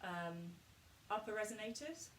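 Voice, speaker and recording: A woman coaching a group through a vocal warm-up, calm and instructive as she models each exercise. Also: mid-range voice, measured pace, slight background noise. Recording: echoey room, distant mic.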